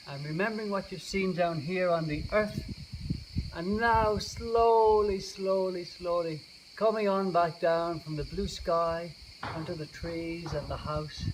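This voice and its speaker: A man teaching yoga and meditation to children, guiding them gently and playfully. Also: on the high side. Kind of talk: guided kids' yoga and meditation. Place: outdoors. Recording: distant mic, outdoor noise.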